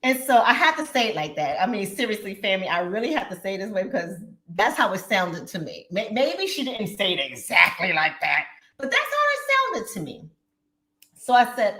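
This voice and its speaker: A woman hosting her channel, chatting casually and talking straight to her viewers in an animated way. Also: medium pitch, moderate pace. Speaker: channel host. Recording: roomy echo.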